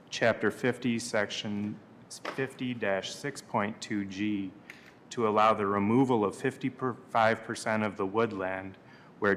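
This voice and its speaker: Male board member reading a notice, low and measured, light background rumble. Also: fairly bright tone. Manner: measured, stumbles on words.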